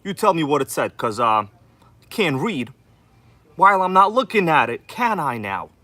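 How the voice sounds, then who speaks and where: Hyped New York guy, bright voice. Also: fairly high pitch, very animated, normal speed, no room sound. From Queens, New York. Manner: hyped, exaggerated announcer delivery, shouts out viewers. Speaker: RC livestream host. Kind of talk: casual livestream chat. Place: indoor room with air conditioner running.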